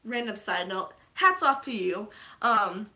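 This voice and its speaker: A woman's voice: medium pitch, big pitch swings, slow pace, pushed and bright. A woman vlogger casually recapping a movie, rambling and gushing, with lots of fillers.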